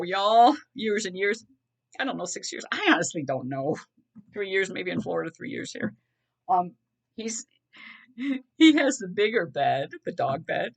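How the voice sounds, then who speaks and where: A woman's voice: on the low side, creaky. A middle-aged woman with a lilt talks straight to her viewers in a loose, earnest monologue. She wanders between thoughts, circles back, and leans on little check-ins as she goes. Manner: earnest, rambling, addresses viewers as y'all. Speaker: vlogger. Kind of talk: casual talking-head monologue.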